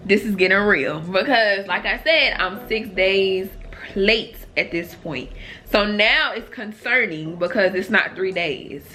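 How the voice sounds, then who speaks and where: A woman in her twenties telling a personal story to her viewers in a chatty, animated way, full of asides. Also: mid-range voice, a little hiss or hum. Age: 20s. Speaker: vlogger. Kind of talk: casual storytime.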